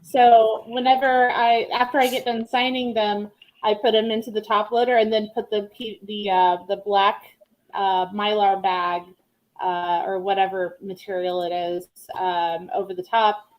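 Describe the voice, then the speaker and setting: A woman's voice: medium pitch, flat delivery, measured pace, dull audio. Woman guest explaining with casual fillers. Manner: explains with fillers, laughs often. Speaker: comic artist guest. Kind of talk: casual panel chat.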